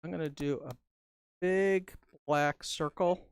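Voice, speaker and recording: A woman's voice: sits low, fairly even intonation, takes it slowly, clear, resonant tone. Woman instructor, casual live-stream teacher, upbeat running commentary, playful asides. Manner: chatty, upbeat, talks through each step while working; playful asides and jokes to viewers. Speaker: balloon artist and instructor. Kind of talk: live-stream craft tutorial.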